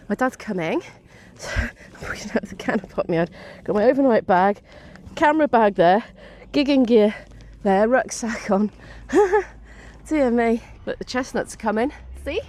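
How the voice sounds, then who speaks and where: A woman's voice: on the high side, expressive, normal speed, a little mellow. A young woman chatting to her camera as she walks outdoors, laughing often as she vlogs. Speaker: vlogger and musician. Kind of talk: casual vlog chat. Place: outdoors, walking between venues.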